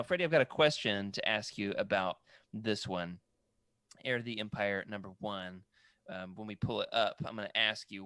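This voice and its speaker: A man's voice: fairly low pitch, bright, forceful tone, no echo, studio quality. A man co-hosting a casual chat, rambling and correcting himself as he stumbles over names. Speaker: podcast co-host. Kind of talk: casual chat about comic art books.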